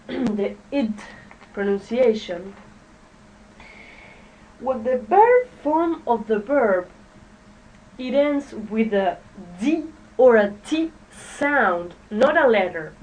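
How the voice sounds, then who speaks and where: A woman teaching an English pronunciation lesson to a classroom, speaking haltingly, drilling words and checking in with "okay?" as the class repeats after her. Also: a little high, lively intonation, darkish tone. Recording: distant mic with faint background noise.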